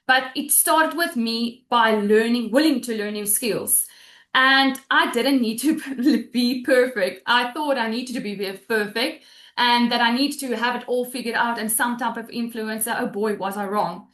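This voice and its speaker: A high-pitched woman speaks over a video call from a roomy, echoing space. She tells her story emotionally, halting and restarting as she fights back tears. She sounds to be in her thirties. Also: fairly bright tone. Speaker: webinar guest sharing her story. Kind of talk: emotional testimonial on a webinar.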